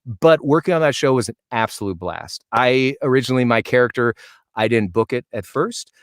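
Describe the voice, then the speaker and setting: A man's voice: mid-range voice, a little fast, no echo, clean studio sound. A man, an actor as a guest, telling stories in a casual interview in an eager, rambling way that often breaks off and restarts.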